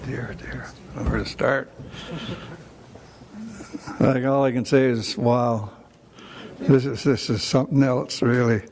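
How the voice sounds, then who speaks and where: An older Canadian man with a Canadian accent, giving an emotional, halting acceptance speech at a hall of fame ceremony, full of restarts. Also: mid-range voice, steady tone, darkish tone. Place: banquet hall.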